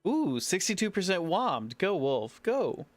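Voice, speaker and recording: A man's voice: high voice, sing-song, a little slow, dry recording, soft background music. A man streaming a game, casually reading dialogue options aloud and commenting.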